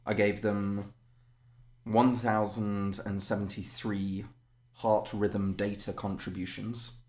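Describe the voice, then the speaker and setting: A man's voice: on the low side, little pitch movement, slow pace, a little mellow. A man co-hosting a podcast, chatting casually with dry humor and a few hesitations. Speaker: podcast co-host. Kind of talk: casual chat.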